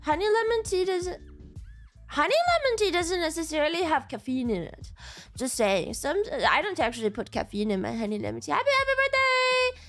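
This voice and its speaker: A woman's voice: high-pitched, animated, brisk, soft background music. A young woman streamer, freshly woken and sleepy, chatting casually with viewers, giggling and swearing. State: sleepy, just woke up. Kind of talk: casual livestream chat.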